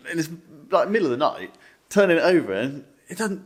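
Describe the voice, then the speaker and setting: A man's voice: on the high side, big pitch swings, fast. A young man, co-hosting a podcast and telling a story casually, swearing freely and rambling with many fillers. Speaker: podcast co-host.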